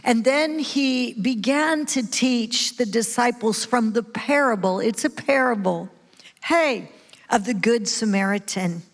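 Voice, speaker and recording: A woman preaching a sermon in an animated way, calling out questions to her listeners. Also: fairly high pitch, measured pace. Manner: animated, calls out to the audience. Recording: long hall reverb.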